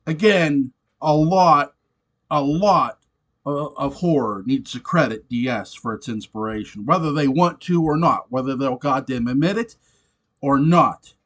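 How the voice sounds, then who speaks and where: A man casually reviewing a TV episode, animated and swearing often, laughing between points. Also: medium pitch, unhurried. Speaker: show reviewer.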